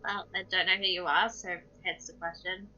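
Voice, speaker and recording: A woman's voice: on the low side, level tone, moderate pace, bright, forceful tone, a little hiss or hum. A woman playing a tabletop role-playing game, answering in blunt, matter-of-fact quips. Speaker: player. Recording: dull lo-fi stream audio.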